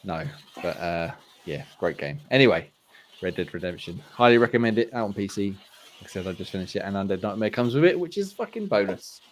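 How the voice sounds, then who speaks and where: A man co-hosting a gaming podcast, talking in a relaxed, rambling way with casual swearing. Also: sits low, fast. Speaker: podcast co-host.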